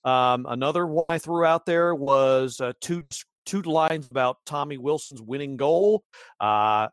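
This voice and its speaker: A man's voice: medium pitch, animated, normal speed, no room sound. A man hosting a casual podcast, rambling with many restarts and chuckles. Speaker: podcast host.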